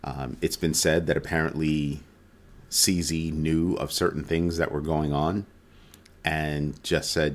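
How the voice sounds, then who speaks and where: Man, extremely low voice, casual crypto roundup host, rambling conversational delivery. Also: flat delivery, moderate pace. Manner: conversational, loose, with frequent ums and self-corrections. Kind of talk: casual weekly market roundup.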